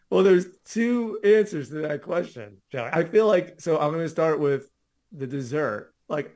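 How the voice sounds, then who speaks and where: A man with a somewhat high voice co-hosting a relaxed podcast. He talks in a loose, conversational way and fills his sentences with filler words. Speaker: podcast co-host. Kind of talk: casual chat.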